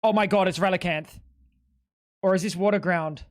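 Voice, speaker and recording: A live streamer giving casual, excitable gaming commentary to chat, swearing often and mocking their own mistakes. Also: mid-range voice, normal speed. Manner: excitable, profane, self-mocking banter.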